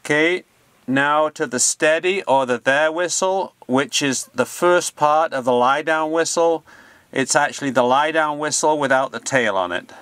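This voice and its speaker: A man, a sheepdog trainer, giving a plain, practical and unhurried instructional demonstration. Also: a little high, fairly bright tone, clear, resonant tone, dry recording.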